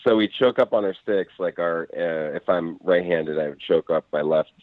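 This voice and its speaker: A low-voiced man tells a rambling story, full of fillers and restarts, acting out other people's lines. The sound is tinny and phone-like and completely dry, with no room around it. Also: moderate pace, no echo. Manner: rambling, lots of fillers and restarts, acts out quotes. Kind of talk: casual storytelling.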